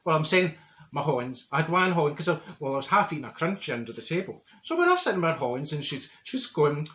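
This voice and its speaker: A man's voice: on the high side, sing-song, quick pace, pushed and bright. A man doing a gossipy Glaswegian woman. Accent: Glaswegian Scottish. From Glasgow, Scotland. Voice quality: chatty, repeats and stumbles over words, gushing. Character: brash chatty Glasgow woman, straight-talking gossip. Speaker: comedy character. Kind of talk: comic monologue. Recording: roomy echo.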